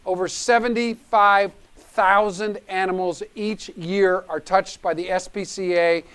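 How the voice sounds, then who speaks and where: Upbeat male charity auction host with a smooth voice, pushing for bids. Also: sits high, steady tone, unhurried, a bit bright. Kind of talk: live charity auction hosting.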